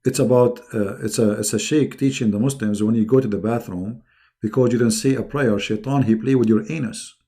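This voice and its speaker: A man hosting a livestream, talking casually with a mocking, sarcastic, animated manner. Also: medium pitch, fairly quick. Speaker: livestream host.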